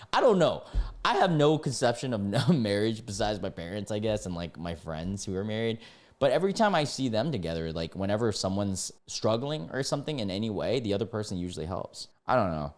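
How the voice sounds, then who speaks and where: A man's voice: fairly low pitch, darkish tone. Man reacting to online posts with frequent laughter. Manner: laughs often, many "like" fillers, incredulous.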